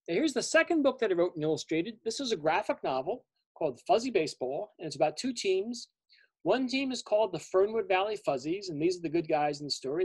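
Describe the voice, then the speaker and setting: A man, a children's author, telling his story to families at a library, lively and explaining terms simply. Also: on the high side, no room sound. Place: library event.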